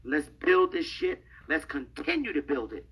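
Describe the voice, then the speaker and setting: A woman's voice: sits low, wildly swooping pitch, normal speed, a bit bright, slightly rough, low-quality recording. A woman in a played clip, speaking in a rallying, affirming way.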